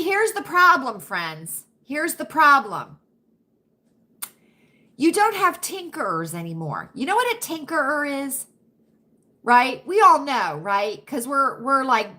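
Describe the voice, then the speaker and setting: A middle-aged woman chats with her livestream viewers in an unhurried, drawn-out way. Her voice sits high and sounds bright and a little sharp, and she keeps breaking off to answer her chat with emphatic asides. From United States. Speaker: livestream host.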